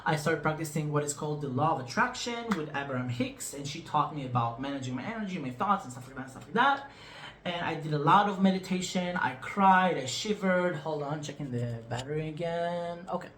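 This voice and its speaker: A man's voice: a little high, lively intonation, fairly quick, fairly bright tone, a little hiss or hum. A man vlogging about his personal healing, talking in an emotional, rambling way that repeats itself and trails off, frank and a bit teasing with his viewers. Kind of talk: candid personal storytelling to camera. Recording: echoey room recording.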